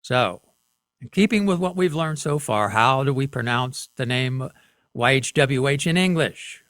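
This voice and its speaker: A man teaching a class at a whiteboard, slow and deliberate, often checking in with the students. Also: medium pitch, lively intonation, a bit bright, dry recording.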